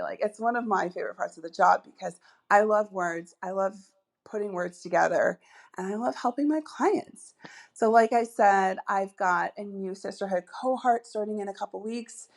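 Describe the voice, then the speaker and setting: A woman's voice: medium pitch, creaky. A woman hosting a solo podcast as a dating coach, chatty and upbeat, with many asides and fillers.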